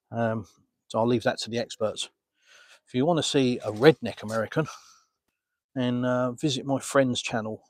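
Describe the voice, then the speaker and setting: A man's voice: medium pitch, slightly rough, no room sound. Chatty Englishman streaming live from a beach. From England. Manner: chatty, reads and answers viewer comments. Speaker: vlogger answering live chat. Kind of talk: casual live stream chat. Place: outdoors on a beach.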